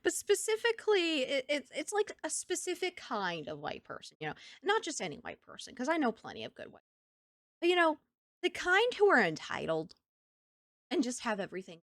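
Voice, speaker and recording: A woman streamer in casual chat from home, animated and laughing often between thoughts. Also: high voice, fairly quick, no room sound, studio quality. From United States.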